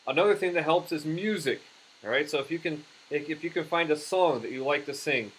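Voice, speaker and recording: A man teaching puppetry in an instructional demonstration, talking haltingly with frequent restarts. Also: fairly high pitch, a bit bright, a little hiss or hum, rough recording.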